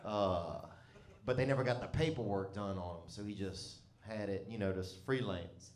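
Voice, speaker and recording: Man, comedian, loose profane storytelling, frequent laughter, lowish voice, roomy echo. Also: moderate pace, background noise. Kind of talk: rambling comic storytelling.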